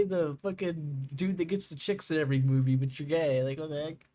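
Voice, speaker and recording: A man's voice: on the high side, fairly quick, hardly any pauses, darkish tone. A young man streaming a game, chatting casually with viewers, rambling and laughing, swearing freely.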